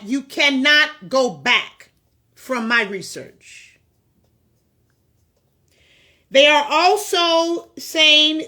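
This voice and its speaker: A woman's voice: high-pitched, bright, forceful tone. A woman hosting a vlog, talking in a blunt, frank casual monologue with many fillers, recorded on a phone. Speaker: vlog host.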